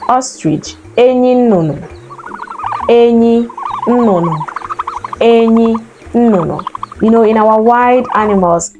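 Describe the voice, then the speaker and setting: Woman, language teacher, slow repeated words, mellow tone, faint music behind. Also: medium pitch. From Nigeria. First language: Igbo. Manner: slow, repeats each word for learners to copy. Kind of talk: vocabulary lesson.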